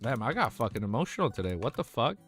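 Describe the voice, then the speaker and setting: A young male streamer reads a web novel aloud and keeps stopping to react with swearing and emotion. His voice sits at a typical middle pitch. Quiet guitar music plays underneath. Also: very animated, fast talker. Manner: swears freely, reacts emotionally between passages.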